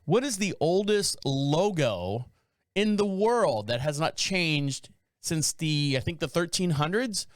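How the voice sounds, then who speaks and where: A man's voice: fairly high pitch, lively intonation, slow, no room sound, clean studio sound. A man hosting a podcast, reading news stories aloud and riffing on them in a rambling, joking way. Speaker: podcast host. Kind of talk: casual podcast monologue.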